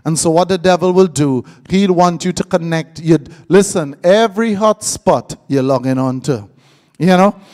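Pastor preaching live, high voice, jokey, keeps throwing questions at the crowd. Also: male voice, moderate pace. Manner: lively, joking, quizzing the congregation. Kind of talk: live sermon.

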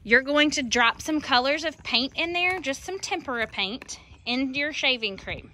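Bright high-voiced woman art teacher. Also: expressive, moderate pace. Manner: patient, coaxing instructions to young children. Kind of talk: outdoor craft demonstration for children. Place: outdoors.

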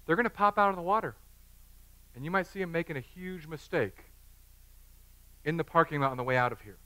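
A man's voice: fairly high pitch, lively intonation, brisk, sharp tone. A pastor in his thirties preaching a sermon in a church, joking and conversational.

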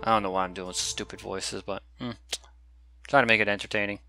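A man's voice: lowish voice, fairly even intonation, fairly quick, bright, forceful tone, faint music behind. A man giving casual, chatty commentary while playing a game, correcting himself as he goes. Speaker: gamer.

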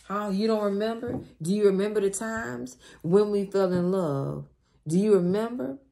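A woman giving a tarot reading who acts out the other person's side in a dramatic, slangy, animated way, with shrieks of excitement. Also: lowish voice, slight background noise. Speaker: tarot reader. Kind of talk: tarot reading acting out the querent's partner.

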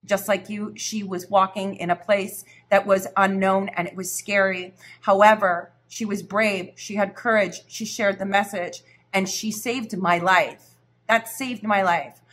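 A middle-aged woman, a spiritual reader, telling a personal story to her viewers in an earnest, reflective, unhurried way. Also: mid-range voice, steady tone, fairly bright tone.

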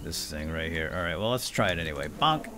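A man hosting a gameplay video, muttering quietly to himself and then shouting with excitement. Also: deep voice, a little fast, a little hiss or hum. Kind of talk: excited let's-play commentary.

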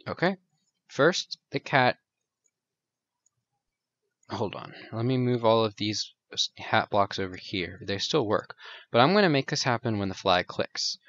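A man giving a casual coding tutorial, thinking out loud and poking fun at his own slips. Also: lowish voice, expressive, a little slow, long pauses. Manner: casual, self-mocking, thinks aloud. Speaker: programming tutor. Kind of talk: screen-recorded coding tutorial. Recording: dull dry lo-fi recording.

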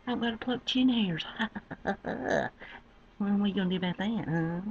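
A woman rambling to her webcam, drawling and swinging from low mutters to loud squeals. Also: normal speed, creaky, slight background noise. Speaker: webcam vlogger. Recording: dull lo-fi webcam audio.

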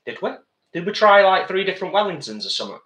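A man's voice: high voice, sing-song, quick pace, fairly bright tone, roomy sound. A man co-hosting a live vegan cooking stream, chatting casually from a home kitchen and reading out viewer comments.

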